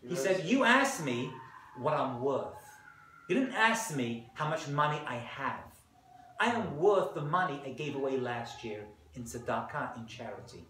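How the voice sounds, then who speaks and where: A British man, a rabbi, giving a lively, joking class and bantering with his audience. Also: mid-range voice, slight background noise. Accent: British English. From Britain. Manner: animated, joking, quick back-and-forth. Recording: echoey room.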